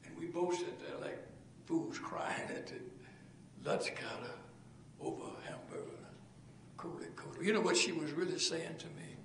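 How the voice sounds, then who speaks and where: A man's voice: fairly high pitch, fairly even intonation, moderate pace, a bit bright, slight background noise. An older man, a pastor, telling a folksy, humorous story with repetitions as a lecture. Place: large lecture hall. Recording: echoey hall, voice from far off.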